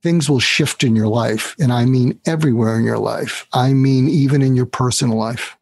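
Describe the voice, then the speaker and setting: A man with a gravelly, medium-pitched voice speaks at a normal speed in a dry recording. He's an author and negotiation trainer being interviewed on a podcast, telling stories with energy and acting out the quoted dialogue in them.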